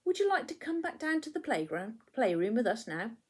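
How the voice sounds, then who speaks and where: A woman reading a storybook aloud, voicing a small excited young male teddy bear with a high, eager manner. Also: fairly quick, slightly rough. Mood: kind. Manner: high, eager and breathless exclaiming.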